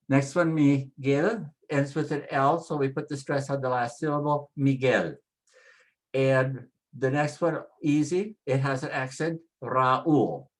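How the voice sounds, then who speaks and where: A pronunciation instructor teaching Spanish names, spelling out the vowels and repeating each name slowly and patiently. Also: medium pitch. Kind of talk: spoken pronunciation lesson.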